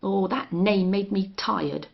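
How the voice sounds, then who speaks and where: A woman's voice: medium pitch, slow pace, vocal fry. A woman voicing a spoiled young rancher's son who speaks harshly and with contempt. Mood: contemptuous. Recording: dull lo-fi audio.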